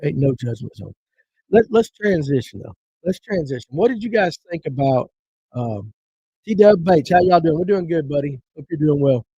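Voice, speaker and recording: A man's voice: on the high side, expressive, normal speed, mellow, slightly rough, no room sound, highs cut off. A man hosting a casual fishing livestream, reading viewer comments aloud and riffing on them in a folksy, joking way. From Georgia. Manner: joking, rambling, folksy banter.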